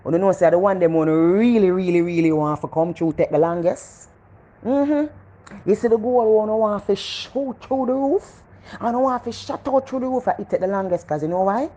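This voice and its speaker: A middle-aged woman with a Jamaican accent giving a casual motivational talk, animated and preachy, repeating phrases for emphasis. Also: medium pitch, moderate pace, dull audio. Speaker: motivational vlogger.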